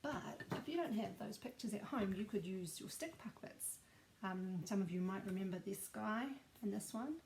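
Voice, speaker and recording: Mellow New woman teacher reading aloud to kids, slow and gentle, faint room hum. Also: mid-range voice. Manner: gentle, slow and clear for children. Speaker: teacher reading to young children. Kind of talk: read-aloud story and sing-along.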